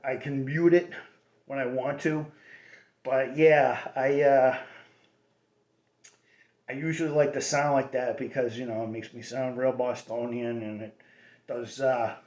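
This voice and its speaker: A man's voice: mid-range voice, steady tone, moderate pace, a little mellow. Rambling man hosting a homemade radio show. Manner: rambling, many restarts and fillers. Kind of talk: casual rambling monologue. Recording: roomy dull lo-fi recording.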